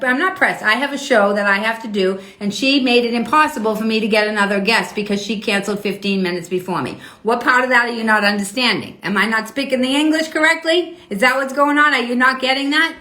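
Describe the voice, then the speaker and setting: Indignant woman host, bright roomy voice. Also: a little high, fast, hardly any pauses. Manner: confrontational, profane, indignant. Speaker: host of a live online talk show. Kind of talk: heated livestream talk, arguing with viewers. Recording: roomy echo.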